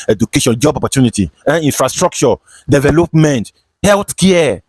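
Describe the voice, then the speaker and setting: Fast-talking Nigerian man ranting. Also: medium pitch, darkish tone, no room sound. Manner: impassioned, hammering rhetorical questions. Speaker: online commentator. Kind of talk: ranting video commentary.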